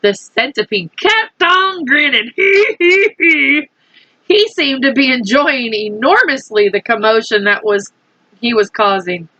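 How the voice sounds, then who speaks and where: A woman's voice: on the high side, lively intonation, measured pace, sharp tone, no room sound, muffled recording. A woman teacher reading a storybook aloud to children, with chatty asides to her young listeners. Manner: chatty, friendly asides to kids.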